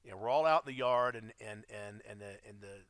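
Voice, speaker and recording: A man's voice: fairly low pitch, brisk, a bit bright, no echo. A middle-aged man telling his life story in a casual, blunt, profane way, calling the listener dude.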